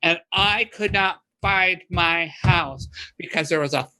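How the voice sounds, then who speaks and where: A woman guest on a podcast, chatting casually and telling animated stories that she acts out in loud bursts. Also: lowish voice, a little slow. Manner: animated storyteller, voices her past panic in loud bursts. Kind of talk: casual chat, storytelling.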